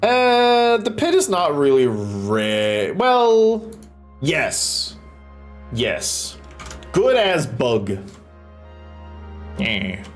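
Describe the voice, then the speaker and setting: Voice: mid-range voice, huge pitch swings, very slow, long pauses, soft background music. A streamer chatting on a live stream while building a stage, swearing freely and making goofy sound effects.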